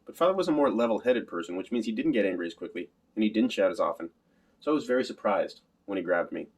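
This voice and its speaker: A man's voice: on the low side, animated, fast, a little mellow, breathy edge. A man narrating an audiobook in the first person in a literal, matter-of-fact way.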